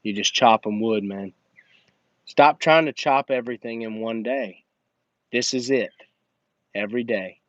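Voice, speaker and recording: A man's voice: mid-range voice, measured pace, long pauses, fairly bright tone. A man delivers a blunt, emphatic motivational talk in a mid-range voice, preaching straight at his listener like a coach. The sound is dry, with no room echo. The recording is dull and lo-fi. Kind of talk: motivational monologue.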